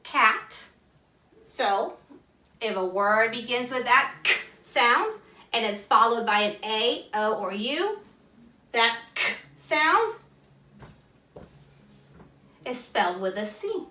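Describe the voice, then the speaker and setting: A woman teacher giving a phonics lesson to children, sounding out letters slowly and clearly and asking listeners to say the words with her. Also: on the high side, animated, pushed and bright, echoey room, recorded from a distance.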